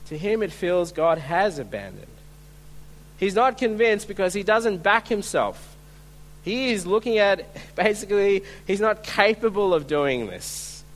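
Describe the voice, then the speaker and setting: A male pastor preaching a sermon at a church service, earnest and emphatic, slowing to stress key words. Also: sits high, animated.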